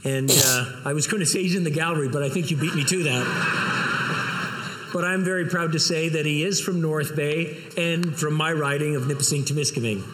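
A man, a politician, delivering a measured, ceremonious tribute in a formal speech to parliament. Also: on the high side, steady tone. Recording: roomy chamber with loud background noise.

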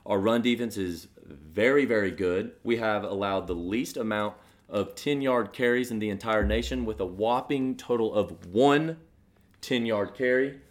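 A man's voice: fairly low pitch, moderate pace. A man co-hosting a podcast, a bit out of breath, joking and bantering in casual sports chat. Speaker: podcast co-host.

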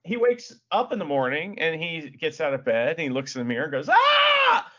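A man's voice: a little high, fairly quick, a bit bright. A man co-hosting a podcast, chatting casually and animatedly about wrestling, laughing often and swearing. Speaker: podcast co-host. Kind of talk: casual wrestling recap chat. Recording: dull lo-fi audio.

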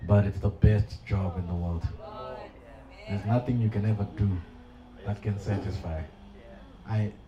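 A middle-aged male pastor with a lowish, dark-toned voice preaches a sermon in a church hall, full of passion and sprinkled with humorous asides. The echoey hall makes the sound dull, and the congregation can be heard.

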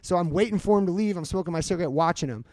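High-voiced man telling a rambling story. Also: very fast, darkish tone, no room sound. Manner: profane, rambling, filler-heavy. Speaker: podcast host. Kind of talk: casual storytelling among friends.

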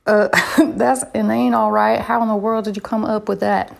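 A woman hosting a comedy show, trading deadpan banter and puns. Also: mid-range voice, moderate pace, gravelly. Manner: deadpan, punning.

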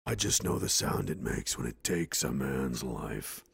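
A deep, deadpan killer robot speaks in slow, flat, menacing words, as a man puts the voice on. The voice drops far below his usual pitch and drags out every word. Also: vocal fry, slightly rough, full character voice.

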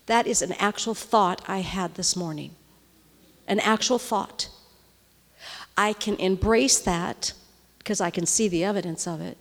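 A woman's voice: mid-range voice, measured pace, long pauses. A middle-aged woman preaching to a room of women in a conversational way. She often checks in with the audience and drops to a near-whisper when moved. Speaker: women's ministry speaker. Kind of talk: sermon. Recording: long reverb of a large hall.

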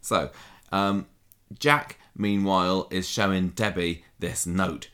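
A man with a low, deep voice chats casually as a podcast co-host. He recaps with a loose, laughing manner, often slipping into little quoted voices. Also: steady tone, slow, a bit bright. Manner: chatty, laughing, acting out quotes. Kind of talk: casual chat recapping a soap.

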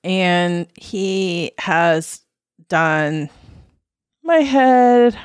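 A woman's voice: lowish voice, animated, drawn-out words, clean tone, no echo, studio quality. Exasperated woman telling a story. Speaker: podcast co-host. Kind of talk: casual storytelling chat.

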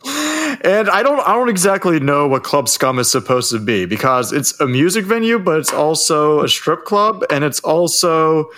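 A man's voice: fairly high pitch, big pitch swings, moderate pace, a bit bright. A man co-hosting a podcast, chiming in with jokey asides about a film, laughing often and hesitating with fillers. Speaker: podcast co-host. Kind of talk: casual film recap chat.

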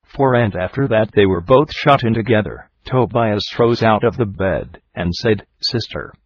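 Male reader for a Bible audiobook, steady measured delivery, lowish voice, dull lo-fi sound. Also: husky. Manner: steady measured reading, announces verse numbers. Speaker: scripture reader. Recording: dull lo-fi recording with faint hiss.

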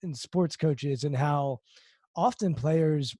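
A man's voice: on the high side, slow, dark tone, slightly rough, no room sound, clean studio sound. A man hosting an interview, thoughtful and searching for words as he asks questions, who works with athletes. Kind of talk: interview conversation.

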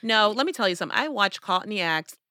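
A woman's voice: medium pitch, fast, a little hiss or hum. A woman co-hosting a casual chat, telling stories in an emphatic, talkative way. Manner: animated storyteller, emphatic and talkative. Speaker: podcast co-host.

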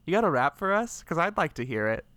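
Deadpan young man, crisp and dry. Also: a little high, fast talker, dry recording. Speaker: podcast co-host. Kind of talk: casual podcast banter.

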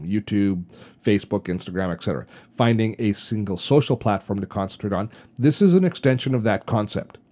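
A man talks through a solo podcast episode in an earnest, advising way, often restarting his sentences. His voice sits fairly low and has a dark, mellow tone. He sounds like a host coaching his listeners. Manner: earnest advice-giving, frequent restarts.

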